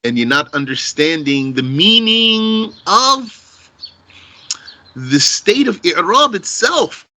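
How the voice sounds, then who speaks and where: Man, grammar lesson, very slow, repeats phrases, quizzes the class. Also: high voice, big pitch swings, sharp tone, poor audio. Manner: explains slowly, repeats key phrases, quizzes the class with a countdown. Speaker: Arabic grammar teacher.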